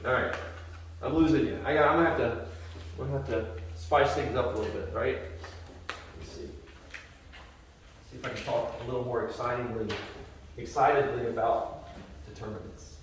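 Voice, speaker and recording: A man's voice: medium pitch, steady tone, normal speed, pauses often, slight background noise. A male math teacher lecturing a class in a joking, conversational way, often checking in with his students. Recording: echoey classroom from far off.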